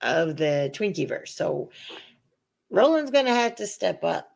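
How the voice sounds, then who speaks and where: A woman's voice: fairly low pitch, big pitch swings, measured pace, gravelly, darkish tone. A woman co-hosting a casual live-streamed panel chat, teasing and laughing often as she acts out other people's lines. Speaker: livestream panel co-host.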